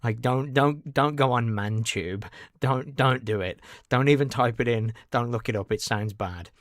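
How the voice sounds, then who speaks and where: A man's voice: medium pitch, moderate pace, no echo, clean studio sound. A man chatting casually on a game livestream, rambling and answering his chat. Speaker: game streamer.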